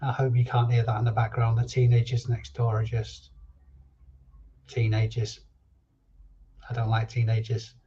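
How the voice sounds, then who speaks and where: Jokey man with a mellow voice. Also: medium pitch, monotone, normal speed, long pauses, highs cut off, a little hiss or hum. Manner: chatty and jokey, reading viewer names aloud. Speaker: reseller livestream host. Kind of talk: casual live-stream chat.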